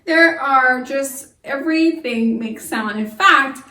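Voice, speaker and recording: Lively woman teacher in an echoey room. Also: sits high, slow, distant mic. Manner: lively, asks the class questions and answers them. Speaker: homeschool teacher. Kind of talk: children's science lesson to camera. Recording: echoey room, voice from away from the mic.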